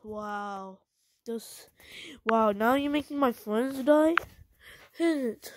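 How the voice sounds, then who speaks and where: Angry young woman ranting, slow. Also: a little high, background noise. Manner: angry, repetitive, scolding. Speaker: video maker. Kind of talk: angry rant at the camera.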